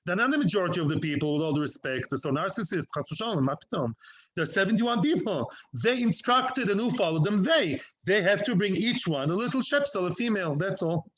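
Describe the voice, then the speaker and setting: Animated rabbi. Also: male voice, sits high, fairly quick, dull audio. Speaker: rabbi teaching Talmud. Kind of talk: Talmud lecture.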